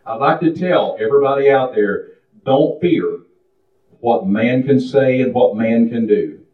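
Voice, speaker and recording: A man's voice: mid-range voice, lively intonation, unhurried. Preaching man in an echoey room. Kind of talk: sermon. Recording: distant, echoey, muffled room recording.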